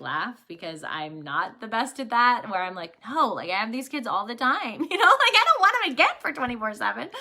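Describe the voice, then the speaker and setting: A woman's voice: fairly high pitch, pushed and bright. A woman in her thirties giving an impassioned, conversational faith talk to camera, emphatic, earnest and direct. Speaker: faith encourager and business owner.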